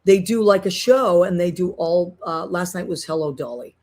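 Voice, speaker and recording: A woman's voice: fairly low pitch, moderate pace, a little mellow. Middle-aged lady rambling on her podcast, lots of restarts. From Boston, USA. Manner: chatty, rambling with many restarts. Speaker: podcast host. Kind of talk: casual chat.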